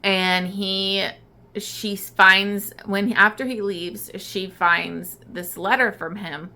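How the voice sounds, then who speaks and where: A woman's voice: mid-range voice, fairly even intonation, slow, pushed and bright. Tearful woman rambling about a book. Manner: rambling, many fillers, emotional and tearful. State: crying. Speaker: book vlogger. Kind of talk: casual book review.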